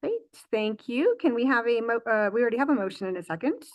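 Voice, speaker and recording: A woman's voice: fairly high pitch, very animated, fast talker, no room sound. A woman presiding over a public school board meeting, running motions and votes with frequent fillers and self-corrections.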